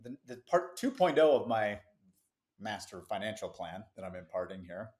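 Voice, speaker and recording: A middle-aged business founder, a man, telling a lively story as a podcast guest, with quick asides and easy laughs. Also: fairly low pitch. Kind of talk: casual interview storytelling.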